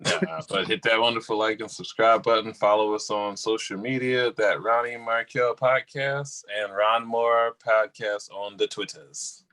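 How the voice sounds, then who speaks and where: A man's voice: lowish voice, fairly even intonation, measured pace, few pauses, bright, forceful tone. A man co-hosting a podcast over a video call, laughing often and slipping into mocking voices. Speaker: podcast co-host. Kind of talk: casual chat.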